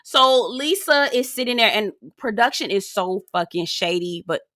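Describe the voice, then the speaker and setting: A woman's voice: mid-range voice, lively intonation, normal speed, pushed and bright, no room sound, clean studio sound. A woman giving a blunt, sassy, profanity-laced recap of a reality TV episode. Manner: sassy, blunt, swears freely, acts out quotes. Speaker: reality TV reviewer. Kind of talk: casual recap commentary.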